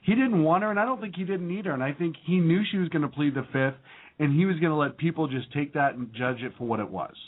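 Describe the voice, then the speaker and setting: A man's voice: fairly high pitch, fast. A man co-hosting a casual political talk show, speaking in an earnest, opinionated way. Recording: phone-like lo-fi sound.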